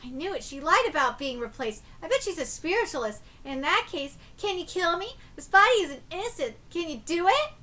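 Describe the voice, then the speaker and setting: A woman reading aloud and voicing a cold, ruthless young female spirit medium in a flat, steady tone. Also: very high-pitched, brisk, few pauses, full character voice.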